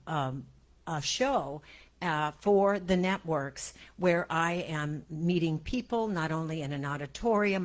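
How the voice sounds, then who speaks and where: A woman minister shares personal stories from the pulpit with her congregation. Her voice sits a little low, and she tells her stories with animated, emotional energy, often breaking into laughter. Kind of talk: personal storytelling in a church service. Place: church sanctuary before a congregation.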